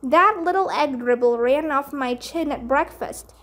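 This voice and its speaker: A woman's voice: high voice, a little slow, a bit bright. A woman voicing a dramatic, scheming first-grade boy in a storybook reading.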